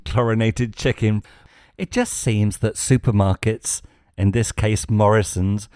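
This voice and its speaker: British male podcast host, sardonic and wry, mid pitch, dry close recording. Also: darkish tone, no echo. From Britain. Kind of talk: satirical political commentary. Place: home in Spain.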